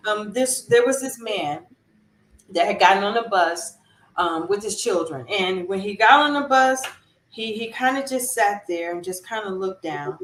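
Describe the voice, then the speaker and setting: A woman guest on an interview show, telling a story in an animated way and acting out other people's lines. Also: mid-range voice, moderate pace. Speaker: guest counselor. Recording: roomy echo.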